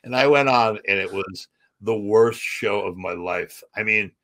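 Man telling animated stories, bright tone. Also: fairly low pitch, a little slow. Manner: animated anecdotes with acted-out quotes and laughs. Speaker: comedian and magician guest. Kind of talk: casual storytelling interview.

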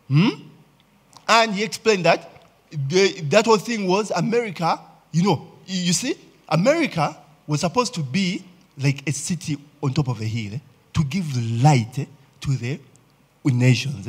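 Husky Ugandan pastor preaching. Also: male voice, a little high. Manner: conversational preaching, frequent "eh?" and "okay?" checks with the congregation. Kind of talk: sermon.

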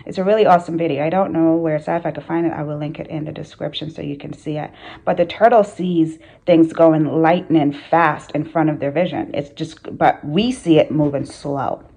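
A woman's voice: sits low, fairly even intonation, a little fast, creaky, warm tone, breathy edge, highs cut off. A woman hosting her channel, speaking earnestly to camera in a casual motivational talk, with repeated phrases and rhetorical questions. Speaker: spiritual coach and channel host.

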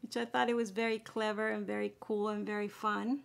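A beauty vlogger chats casually through a makeup tutorial, explaining each step as she puts it on. Her medium-pitched voice shows vocal fry, moves little in pitch, and runs a little fast.

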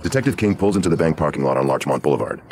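A man narrating a true crime podcast in a brisk, hard-boiled storytelling manner. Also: rumbling low, expressive, darkish tone.

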